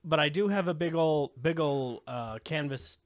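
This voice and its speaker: On a podcast he co-hosts, this man spins meandering stories and swears frequently as he chats. His pitch is fairly high, his pace moderate, and the recording studio-quality and echo-free.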